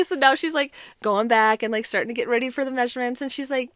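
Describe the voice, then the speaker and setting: Animated young woman telling a story. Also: on the high side, fast talker, few pauses, dry recording, studio quality. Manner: animated, heavy use of "like", acts out quoted voices. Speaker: podcast co-host. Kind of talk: casual storytelling chat.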